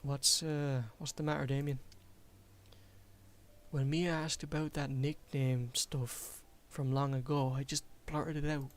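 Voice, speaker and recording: A man's voice: mid-range voice, level tone, unhurried, close to an everyday voice. A man reading as a flustered teen boy. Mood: anxious. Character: anxious apologetic teenage boy classmate.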